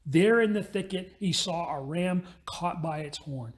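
A man preaching a sermon as pastor, telling a parable with quick, acted-out voices. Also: high voice, slightly rough.

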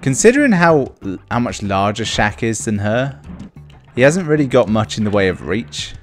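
A man's voice: mid-range voice, sing-song, moderate pace, faint music behind. A man giving casual let's play commentary on a video game, with dry, sarcastic asides.

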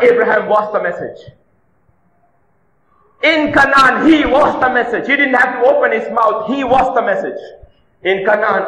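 A man preaching with a high, bright, ringing voice that carries through an echoey church hall. He presses his points with rhetorical questions and drives home key phrases by repeating them. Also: dull audio, slight background noise. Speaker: pastor. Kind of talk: sermon.

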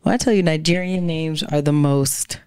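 A woman's voice: low-pitched, normal speed, a little mellow, clear, resonant tone, no room sound, studio quality. A young woman co-hosting a casual podcast, chatty and hesitant, full of fillers and restarts. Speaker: podcast co-host. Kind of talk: casual chat.

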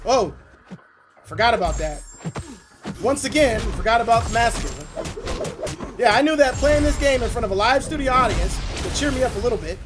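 A man streaming a mobile game live, excitably commenting, shouting and laughing at his opponent in slangy, playful talk. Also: very high-pitched, moderate pace, pauses often, music in the background.

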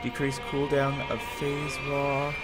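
A man hosting a video game playthrough, reading out upgrade options and trash-talking enemies in an excitable way. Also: medium pitch, slow pace. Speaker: gaming video host. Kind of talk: let's play commentary. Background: game music and gunfire.

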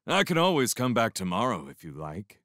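A man's voice: lowish voice, huge pitch swings, moderate pace, fairly bright tone, no echo, studio quality. A man reading aloud and voicing an easygoing, cheerful young man with a breezy, light delivery.

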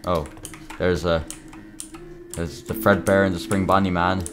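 Low-voiced young man rambling over gameplay. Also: flat delivery. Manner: mumbly, halting, lots of fillers. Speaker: gaming video creator. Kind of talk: casual gameplay commentary. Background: game music.

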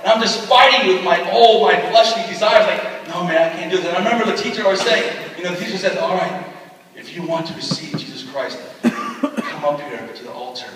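A young man preaching a sermon, telling a personal story and acting out what people said, going from loud excitement to hushed speech. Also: high-pitched, fairly quick, a little hiss or hum. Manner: storytelling with acted-out quotes. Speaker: pastor. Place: large hall at a retreat. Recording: echoey hall from far off.

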